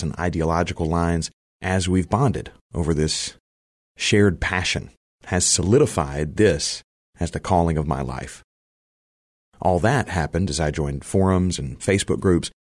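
A man's voice: sits low, a little mellow, no room sound, clean studio sound. A male podcast host narrating a reflective, earnest personal essay.

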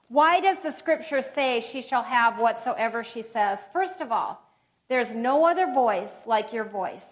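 Middle-aged woman preacher, earnest and exhortative, fairly high voice, slow delivery. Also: low-quality recording. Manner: earnest, exhortative, reads scripture aloud with pauses and restarts. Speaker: speaker at a women's gathering. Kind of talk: sermon.

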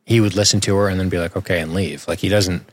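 Low-voiced man breaking down a film. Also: fast talker. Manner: animated, swears freely, acts out characters' lines. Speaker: film discussion co-host. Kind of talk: casual film breakdown chat.

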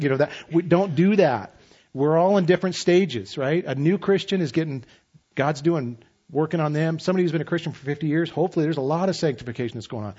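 A man in his fifties preaching a sermon as pastor, relaxed and conversational with self-deprecating humor. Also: a little high, husky, muffled recording.

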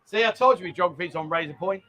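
High-voiced man hosting a joking live stream. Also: racing. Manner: joking, teasing banter with loud exclamations. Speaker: livestream host. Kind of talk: casual live-stream chat, reading out viewer comments. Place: lounge bar.

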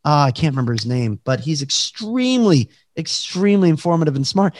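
Emphatic, energetic man as an interview guest on a video call, dry sound. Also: on the high side, brisk, few pauses, dry recording. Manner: energetic, emphatic, demonstrates with his voice. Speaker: realtor and guest. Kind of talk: casual podcast interview.

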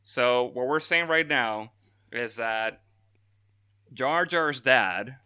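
Speaking slowly in a mid-range voice that's bright, forceful and smooth, this male podcast co-host keeps cutting in to recap events, incredulous and laughing, during casual chat. There's no room sound in the clean studio audio.

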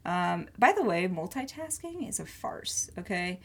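A woman's voice: fairly low pitch, sing-song, unhurried, creaky. A woman co-hosting a casual podcast chat, reading through a list and joking, laughing often. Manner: jokey, laughs often, reads lists aloud. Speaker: podcast co-host.

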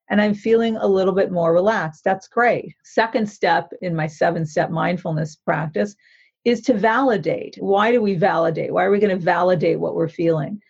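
A woman's voice: mid-range voice, a little mellow, breathy edge, muffled recording. A woman therapist explaining a mindfulness practice in an interview, in an earnest, instructive way that often checks in with the listener. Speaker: therapist author.

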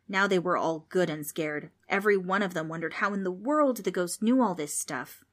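A woman narrating a children's storybook in an expressive, playful way. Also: on the low side, moderate pace, few pauses.

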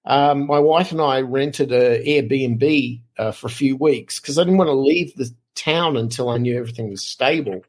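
Middle-aged Aussie male podcast guest, slightly raspy, chatty animated storyteller. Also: medium pitch, normal speed, few pauses. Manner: animated, lively anecdotes with frequent fillers. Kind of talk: casual storytelling.

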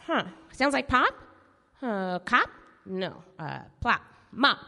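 A sneering, boastful female crook on a radio play stage, her high, bright voice swooping all over as she mocks. The sound rings out in a reverberant hall. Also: very animated, slow, vocal fry, heavily acted. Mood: taunting. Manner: mocking, theatrical taunting. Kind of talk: live radio play acting. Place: stage before a studio audience.

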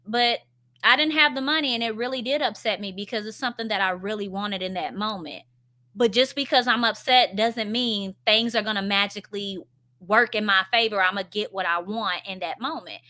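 A woman's voice: mid-range voice, moderate pace, pushed and bright. A woman talking casually about parenting, conversational and full of fillers, acting out example phrases for parents. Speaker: parenting speaker. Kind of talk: casual explanatory talk.

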